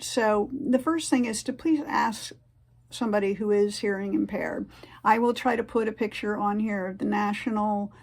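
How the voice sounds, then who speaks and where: A woman talking in a casual explanatory vlog, earnest and plain-spoken, often pausing on fillers and restarting her sentences. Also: mid-range voice, gravelly. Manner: halting, many fillers and restarts. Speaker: vlogger giving advice.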